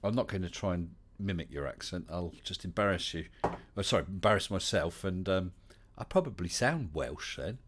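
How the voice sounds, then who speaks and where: A man's voice: deep voice, animated, normal speed, noisy background. A man with an English West Country accent hosting a casual livestream chat, chatty and welcoming, with many fillers. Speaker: livestream host.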